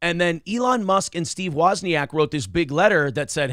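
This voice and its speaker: Man, host, casual podcast chat, gravelly voice, higher pitch, dry sound. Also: normal speed, dry recording. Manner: profane, animated, jokey.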